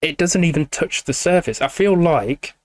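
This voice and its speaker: A man's voice: fairly high pitch, expressive, normal speed, no room sound, studio quality. A man hosting a music reaction video, speaking casually and emotionally, with frequent swearing and fillers. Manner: emotional, gushing, swears freely, many fillers. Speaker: music reaction channel host.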